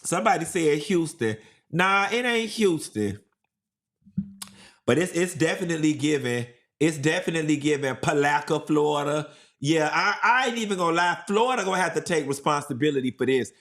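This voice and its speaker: Man, live stream host, sassy, animated, repetitive gossip commentary, slightly high voice. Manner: sassy, animated, repeating for emphasis. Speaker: livestream host.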